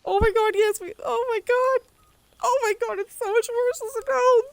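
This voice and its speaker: A woman's voice: extremely high pitch, steady tone, normal speed, vocal fry, dry recording. A woman giving casual, giggly commentary while playing a role-playing game. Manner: giggly, exclaiming, breaks into laughter. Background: faint game music.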